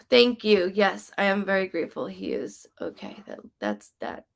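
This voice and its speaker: This woman's gravelly, mid-range voice is very animated but moves at a slow pace. During relaxed live-stream sessions as a psychic medium, she wanders through her talk with frequent "like" and "um," passing along what the spirits tell her for viewers.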